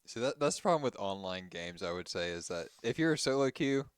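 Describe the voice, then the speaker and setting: A man's voice: deep voice, lively intonation, brisk, clear, resonant tone, no room sound, clean studio sound. A man co-casting a college esports match, easygoing and chiming in with short reactions. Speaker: co-caster. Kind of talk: live esports commentary.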